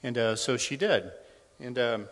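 A middle-aged man with a fairly bright, mid-range voice speaks at a measured pace, sharing a personal testimony with his church congregation. Slightly nervous but conversational, he stumbles through many ums and restarts. The church hall's long reverb is audible throughout.

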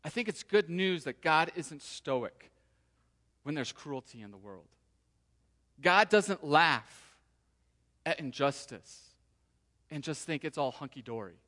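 A man preaching a sermon to his congregation in a relaxed, conversational way, sometimes voicing the people in the story. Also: a little high, slow pace, long pauses. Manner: conversational, acts out quoted voices. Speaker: pastor. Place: church sanctuary. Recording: long hall reverb.

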